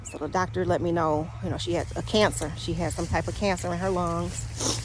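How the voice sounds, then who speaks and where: A woman telling a rambling, halting personal story in a casual vlog, speaking. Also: on the low side, steady tone. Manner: rambling, halting, talks to her dog mid-story. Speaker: spiritual vlogger. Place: outdoors, walking a dog. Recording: outdoor noise behind the voice.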